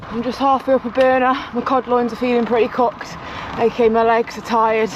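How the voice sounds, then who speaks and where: A woman's voice: fairly high pitch, level tone, normal speed. Chatty woman vlogging outdoors. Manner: chatty, talks to animals and to herself. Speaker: cycling vlogger. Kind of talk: casual vlog chat. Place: outdoors in countryside on a long bike ride. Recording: outdoor wind and road noise.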